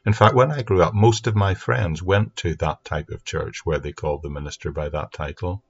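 A man giving an earnest, steady Bible teaching talk into a microphone for an online audience. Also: deep voice, moderate pace, vocal fry, husky. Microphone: speaking into a mic. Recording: dull lo-fi sound.

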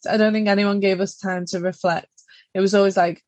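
A woman's voice: medium pitch, flat delivery, brisk, darkish tone, no echo. A woman, a guest author in a casual podcast interview, reflective and agreeable.

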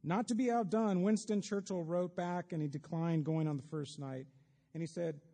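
A pastor with a fairly high yet dark, mellow, gravelly voice preaches a sermon at a moderate pace and a steady tone, chatting with the congregation and slipping in wry asides. His words echo with the long reverb of a large hall, like a big church sanctuary.

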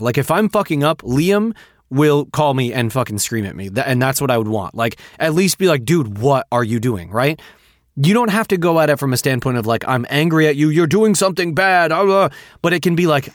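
A man's voice: medium pitch, dry recording, clean studio sound. Blunt, swearing man giving advice. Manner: blunt, profane, candid advice. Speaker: podcast co-host. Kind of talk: casual chat.

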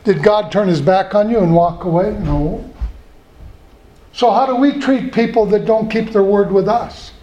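A middle-aged man preaching a sermon in a folksy way, slowing down to repeat key points. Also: high-pitched, mellow. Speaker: pastor. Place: church. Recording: echoey church room.

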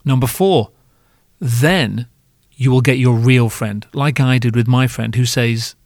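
A man's voice: mid-range voice, a little slow, darkish tone, dry recording, studio quality. A man hosting a podcast, delivering a scripted comic monologue in a wry, self-mocking way with casual swearing. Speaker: podcast host.

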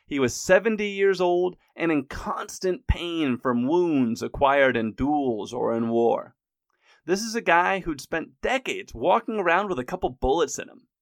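Man, casual history narration, wry and irreverent, gravelly, dry close sound. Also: a little high, no echo. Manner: irreverent, wry, occasional swearing.

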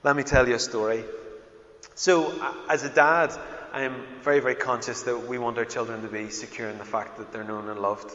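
A middle-aged man with a Northern Irish accent preaching a sermon, shifting between loud emphatic proclaiming and quiet, intimate storytelling. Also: mid-range voice, fairly even intonation, fairly quick. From Northern Ireland. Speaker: pastor. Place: church hall. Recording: dull, echoey hall recording.

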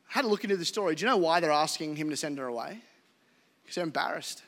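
A man with an Australian accent preaching a live sermon as pastor, animated and jokey, laughing at himself. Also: a little high, fast talker. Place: church hall. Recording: live hall reverb with faint music.

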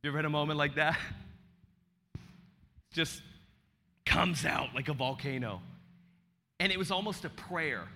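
A male pastor in his thirties preaching a sermon in a large church, moving from hushed confession to loud, emotional peaks. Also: on the high side, unhurried, long pauses, a little hiss or hum. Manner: impassioned, swings from hushed to shouting. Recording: long church hall reverb.

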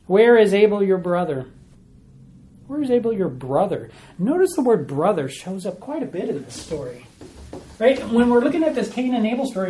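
A man's voice: high-pitched, darkish tone, a little hiss or hum. A man preaching, teaching through a Bible passage verse by verse, asking questions and repeating key words for emphasis. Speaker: pastor.

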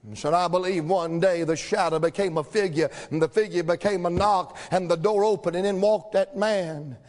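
A man preaching a sermon in a church, rhythmic and building to shouts, acting out the voices in the story. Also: high-pitched, fairly even intonation, moderate pace. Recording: long hall reverb.

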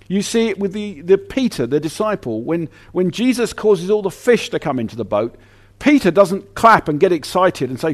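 Animated male preacher, lively pitch. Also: normal speed. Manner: animated, conversational preaching with frequent restarts. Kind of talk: sermon.

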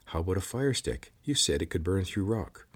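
A man's voice: low-pitched, sing-song, brisk, slightly rough, full character voice. A man voicing a determined young male explorer trapped in a cave, speaking plainly. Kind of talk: audiobook character voice.

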